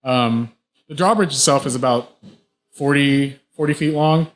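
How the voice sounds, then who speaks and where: A man's voice: medium pitch, unhurried. A man running a tabletop game as game master, describing the action vividly with frequent restarts.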